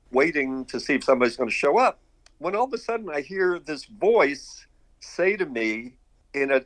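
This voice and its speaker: A man's voice: fairly high pitch, fairly bright tone, no room sound. An older man from Brooklyn, a guest on an interview show, telling long anecdotes in a rambling, chuckling way. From Brooklyn, New York. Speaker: guest, artist and director. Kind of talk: casual interview storytelling.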